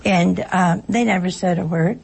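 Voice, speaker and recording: A woman's voice: lowish voice, moderate pace, vocal fry, a little mellow, slight background noise, low-quality recording. A woman giving an informal talk to an audience, a folksy, joking storyteller who acts out little exchanges. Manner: acts out short exchanges in other voices. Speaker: speaker addressing an audience. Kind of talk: informal spoken talk with anecdotes.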